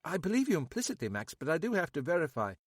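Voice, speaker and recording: A sharp-tongued woman detective sergeant, played by a male narrator, clipped and sarcastic in her questions. The delivery moves around lively in pitch. The sound is dry and close. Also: quick pace, breathy edge, no room sound, exaggerated voice. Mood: sceptical.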